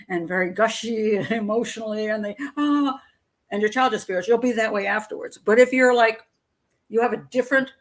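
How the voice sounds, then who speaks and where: A middle-aged woman hosting a live stream, talking bluntly in a conversational way, reading out chat comments and laughing often. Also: mid-range voice. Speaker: host.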